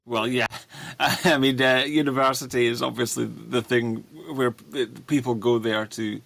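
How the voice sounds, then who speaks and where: A man talking as a guest in a casual discussion, speaking haltingly with frequent restarts and fillers. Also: medium pitch, flat delivery, vocal fry, a bit bright, dry recording. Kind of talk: livestream political discussion.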